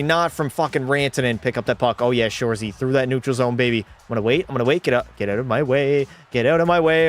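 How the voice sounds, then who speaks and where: A young man streaming a hockey video game live, commentating excitedly, swearing and chatting with viewers. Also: on the high side.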